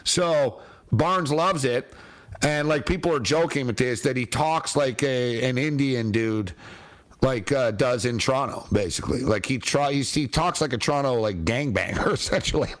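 A man's voice: medium pitch, moderate pace. A man hosting a casual sports talk show, chatty and slangy, laughing often between points.

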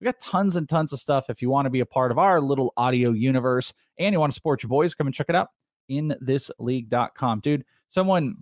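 A man co-hosting a sports radio show, telling stories in a rambling, animated way with lots of restarts. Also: mid-range voice, a little fast, no room sound, clean studio sound. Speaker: podcast co-host. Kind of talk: casual sports radio chat. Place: radio studio.

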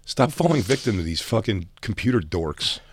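A man's voice: fairly low pitch, very animated, moderate pace, slight background noise. A man hosting a casual podcast chat, joking and swearing freely. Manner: joking, swears freely, talks through food orders. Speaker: podcast host.

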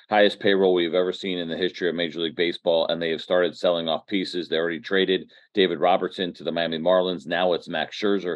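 Low-voiced guy co-hosting a sports podcast, lots of uh's, kinda muffled lo-fi sound. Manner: fluent, uses "uh" fillers. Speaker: podcast co-host. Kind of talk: casual sports chat. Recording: muffled lo-fi audio.

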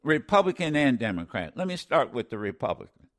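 A man's voice: mid-range voice, sing-song, a little fast, a bit bright. A man hosting a talk radio show, commenting with passion, often stammering and restarting, repeating lines for emphasis like a preacher.

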